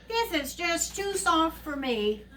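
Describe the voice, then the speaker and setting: A woman's voice: very high voice, sing-song, takes it slowly, fairly bright tone, a little hiss or hum, voice pushed up, full character voice. A woman voicing a curious little girl in a children's storybook reading, in a sing-song, pleased way. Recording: distant mic with faint ambience.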